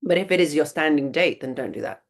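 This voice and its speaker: A woman's voice: sits low, fast talker. A woman in her thirties hosting a live webinar Q&A, answering viewer questions with blunt, emphatic advice and lots of rhetorical questions.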